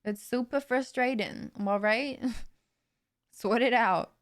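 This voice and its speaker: A woman's voice: a little high, slow pace. A young woman streamer in casual live-stream chat, laughing often and reading out chat messages.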